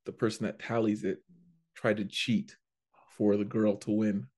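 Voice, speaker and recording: A man, a comedian, telling a story in a casual chat, animated and prone to restarting his sentences. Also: on the low side, unhurried. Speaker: comedian guest.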